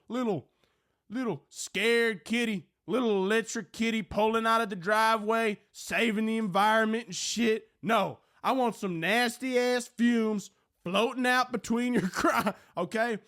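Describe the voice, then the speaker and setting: A man playing a crude, perverted male Southern radio host with a put-on Southern drawl, preaching in drawn-out lines that keep ending in "okay?". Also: extremely high pitch, fairly bright tone, pitched above the performer's own voice.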